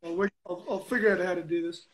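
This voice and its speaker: A man's voice: high voice, fairly even intonation, fast talker, noisy background. A man from South Africa as a guest on a video call interview, easygoing and self-deprecating.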